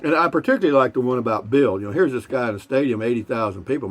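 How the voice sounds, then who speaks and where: A man's voice: mid-range voice, expressive, brisk. A man tells jokes in a loose, folksy, rambling way. He fills his talk with asides and stops to toast and sip a beer between jokes. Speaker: joke-telling vlogger. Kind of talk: casual joke telling.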